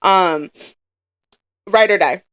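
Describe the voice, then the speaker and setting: A woman's voice: on the low side, extremely slow, fairly bright tone, smooth. A young woman co-hosting a podcast, talking in a rambling, filler-heavy, emotional way. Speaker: podcast co-host. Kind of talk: casual chat.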